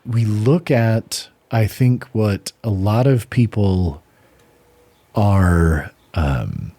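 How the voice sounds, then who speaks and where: Young guy rambling about stories, husky mellow voice, super dry mic. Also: on the low side, expressive, drawn-out words, no room sound. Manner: rambling, self-interrupting storyteller. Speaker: podcast co-host. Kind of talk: casual book-discussion chat.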